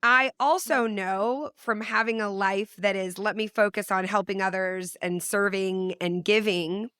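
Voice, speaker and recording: A woman host working her way through a heartfelt interview question, restarting and rephrasing as she goes. Her voice is bright and smooth, recorded close and dry. She asks gently and at length. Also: medium pitch, fairly even intonation, measured pace, no room sound. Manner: thoughtful, searching questions with restarts. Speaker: podcast host.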